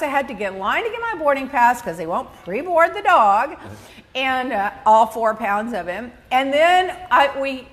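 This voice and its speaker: A middle-aged woman hosting a podcast, telling a travel story in a casual, exclamatory way and acting out what she said. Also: high-pitched. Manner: animated, exclamatory, quotes herself in big swings. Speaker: podcast host.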